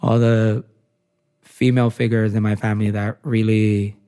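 A man's voice: lowish voice, little pitch movement, normal speed, warm tone, clean tone. A young adult man, a fashion designer, chatting in an interview and telling personal stories with lots of filler "like"s. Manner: chatty storytelling, many filler likes. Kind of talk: casual interview chat.

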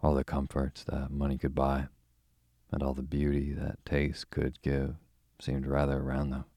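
A young man hosting and narrating a bedtime story in a slow, calm, soothing way. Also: a bass voice, dry recording, clean studio sound.

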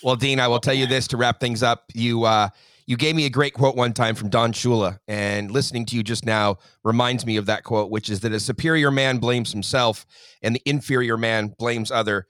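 A man's voice: medium pitch, fairly even intonation, a little fast, fairly bright tone, clear, resonant tone, no room sound. A man co-hosting a sports podcast, wrapping up an interview with friendly, joking banter. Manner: friendly wrap-up patter, joking. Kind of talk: casual podcast chat.

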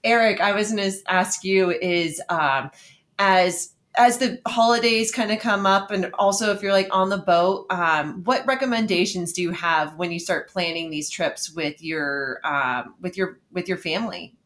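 A woman hosting a casual interview, chatty and expressive, with lots of "like". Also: lowish voice, normal speed. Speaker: podcast host.

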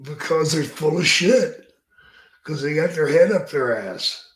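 In an echoey room, a man hosts a casual podcast interview in a somewhat high voice, taking his time. He's blunt, opinionated and curses freely.

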